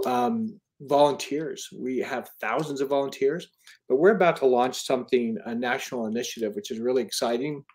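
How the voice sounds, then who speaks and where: A man in his fifties, an author who founded a charity, tells stories in a casual interview. His mid-range voice has a darkish tone, and he speaks earnestly but rambles, with restarts and fillers.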